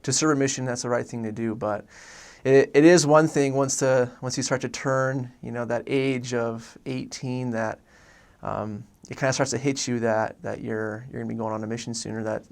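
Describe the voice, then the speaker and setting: Telling his story as a returned missionary, a young Oregon man talks a little fast in an earnest, meandering testimony full of false starts and filler words. His medium-pitched voice holds flat and even, with a rough fry running underneath.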